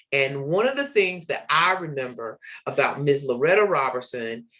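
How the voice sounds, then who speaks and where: A man's voice: a little high, sharp tone. A man in his forties, hosting a literacy podcast, earnestly tells personal stories with the odd filler word. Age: 40s. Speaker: podcast host, literacy educator. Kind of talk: reflective personal storytelling.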